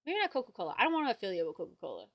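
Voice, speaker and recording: A woman's voice: mid-range voice, huge pitch swings, very fast, no room sound, studio quality. A young adult woman hosting a livestream, chatting casually with her viewers, gushing with thanks and swearing freely. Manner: gushing and profane, thanks viewers and reads chat aloud. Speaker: livestream host.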